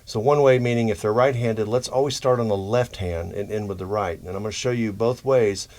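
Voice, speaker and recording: A man's voice: lowish voice, fairly quick. Guy walking thru drum rudiments, easygoing, lots of uh and okay. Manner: relaxed, explanatory, frequent "uh" and "okay?". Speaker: drum teacher. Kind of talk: instructional demonstration.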